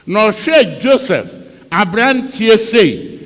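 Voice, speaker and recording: A man's voice: fairly high pitch, big pitch swings, slow pace, long pauses. A man with a Ghanaian accent preaching a sermon, telling a story dramatically and mixing English with Twi. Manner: dramatic storytelling, switching between English and Twi, acting out cries. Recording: long reverb of a large hall.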